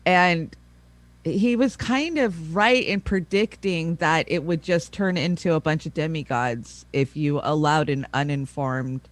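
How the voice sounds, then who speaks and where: A man co-hosting a casual political chat, blunt, cynical and quick to swear. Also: on the high side, no room sound. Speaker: co-host.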